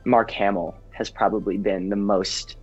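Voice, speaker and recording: A man's voice: lowish voice, steady tone, measured pace, slightly rough. Earnest teen boy, lo-fi interview sound. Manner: earnest, with frequent ums and restarts. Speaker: actor guest. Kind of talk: casual interview chat. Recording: dull lo-fi sound with faint music.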